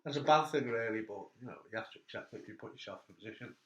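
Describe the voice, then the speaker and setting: An animated man hosts a relaxed chat, telling stories and laughing along with them. His voice sits at an ordinary pitch. It is recorded with noticeable room echo. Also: racing, muffled recording. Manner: animated storyteller, laughing at his own anecdotes. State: hurt back. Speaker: host. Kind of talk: casual chat. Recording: echoey room.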